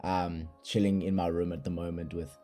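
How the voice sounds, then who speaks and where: A young man with a South African accent, hosting a casual solo podcast from his bedroom in a relaxed, rambling, slangy way, recorded on a laptop microphone. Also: deep voice, normal speed, soft background music. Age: young adult. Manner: laid-back, rambling, slangy. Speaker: podcast host. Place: bedroom at night.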